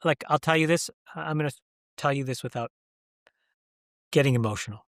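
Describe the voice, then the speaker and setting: A middle-aged man as an interview guest, talking candidly and emphatically, pressing his point with rhetorical questions and halting when he gets emotional. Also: mid-range voice, fairly bright tone, no room sound, clean studio sound.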